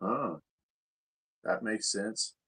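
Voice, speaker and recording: A man's voice: lowish voice, extremely slow, pushed and bright, husky. A man, co-hosting a casual podcast chat, crude and boastful, often laughing at his own jokes. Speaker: podcast co-host.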